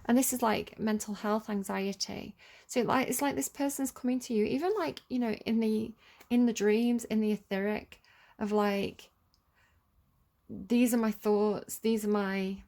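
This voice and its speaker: A woman's voice: a little high, fairly even intonation, measured pace, mellow. A woman giving a casual tarot reading, talking in a chatty, rambling way with lots of "like" and "you know.". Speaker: tarot reader.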